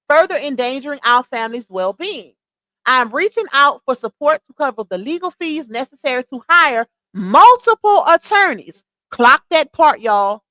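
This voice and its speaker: With a sharp tone, a high-voiced woman streamer delivers casual, sassy, incredulous commentary, calling her audience "y'all" and "baby." The recording has no echo but poor audio quality.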